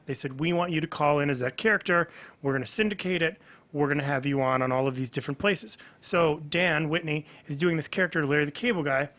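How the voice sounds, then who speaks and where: Animated man telling a story. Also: on the high side. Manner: animated storyteller, acts out quoted dialogue. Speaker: comedian guest. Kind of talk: casual podcast chat, storytelling.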